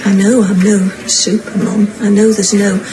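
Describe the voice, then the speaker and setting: An actress playing an anxious, self-pitying older mother and grandmother, who talks in plaintive, rushed runs of self-justification. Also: medium pitch, little pitch movement, lightly acted. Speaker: soap opera character. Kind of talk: television drama acting. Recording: noisy broadcast soundtrack.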